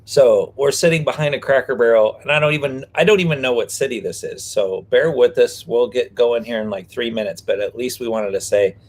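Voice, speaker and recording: A man's voice: mid-range voice, a little fast, hardly any pauses. A man co-hosting a live stream from a parked vehicle, talking casually and playfully, joking with viewers. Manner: playful, jokey, rhyming name games. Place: parked vehicle behind a restaurant.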